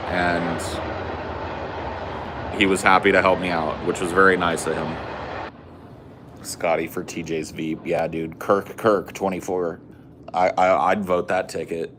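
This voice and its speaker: A man's voice: low voice, background noise. A man hosting a casual streamed podcast chat, talking bluntly and swearing a lot. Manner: profane, blunt, opinionated. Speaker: podcast host.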